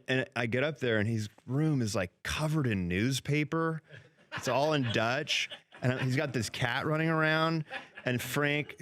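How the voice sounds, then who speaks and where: A former hockey goalie turned actor, a man telling animated, rambling stories as a guest on a talk show, often restarting his sentences. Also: medium pitch. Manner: lively, rambling, acts out quotes with restarts.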